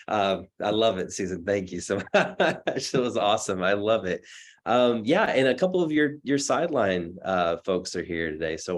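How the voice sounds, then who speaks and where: A man in his thirties giving a rambling, chatty talk over a video call from a dark hotel room, with lots of fillers and restarts. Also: deep voice. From Texas. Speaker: guest speaker.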